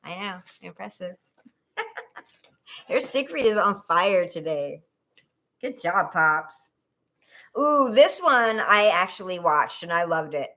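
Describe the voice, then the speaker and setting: A woman's voice: fairly low pitch, sing-song, takes it slowly, pauses often, pushed and bright. Giggly woman hosting a trivia stream. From California. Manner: giggly, chatty, laughs often. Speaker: livestream trivia host. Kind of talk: casual livestream chat.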